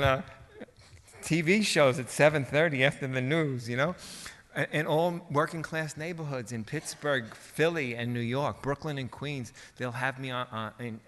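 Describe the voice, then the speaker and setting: A man preaching a sermon in a lively, colloquial way, swinging from quiet asides to excited shouting. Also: medium pitch, long reverb tail.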